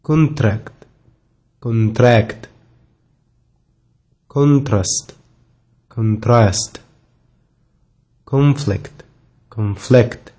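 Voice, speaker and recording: A man reading a list of word pairs aloud one at a time, in a slow, clipped way for a pronunciation drill. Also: medium pitch, mellow. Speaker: pronunciation model.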